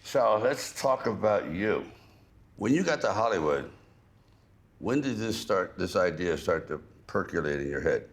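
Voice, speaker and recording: An older man hosting a relaxed conversational interview, talking in a slow, reflective drawl. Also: deep voice. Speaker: host.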